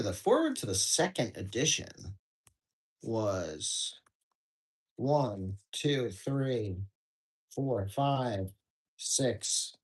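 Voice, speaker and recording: A man's voice: mid-range voice, slightly rough, low-quality recording. Laid-back man reading and riffing. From United States. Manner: casual, rambling, swears freely, many fillers. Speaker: host of a daily book study. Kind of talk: reading aloud with casual commentary.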